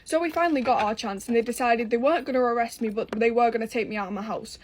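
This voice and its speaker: Young english woman, kinda high voice, blunt and sweary storytime chat. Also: fast, a little mellow, slight background noise. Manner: blunt, swears freely, exasperated and amused. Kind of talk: casual storytime monologue.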